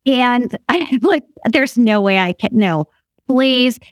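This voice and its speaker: A woman in her fifties, a guest in a casual chat, tells a story slowly in a slightly high voice. She laughs often and vividly acts out what other people said. The recording is dry.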